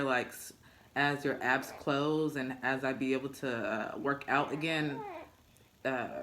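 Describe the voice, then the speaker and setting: A young woman, a new mother, chatting casually in a vlog with a deep, low voice, laughing often as she talks. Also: fairly bright tone, a little hiss or hum. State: recovering after childbirth.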